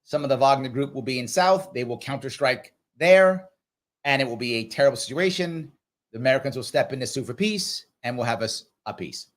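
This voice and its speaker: A middle-aged man hosting a live question-and-answer stream, talking straight to his viewers in a lively, conversational way. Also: medium pitch. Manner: animated, talks straight to viewers, acts out others in quick voices. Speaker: political commentator and livestream host. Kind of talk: live Q&A commentary.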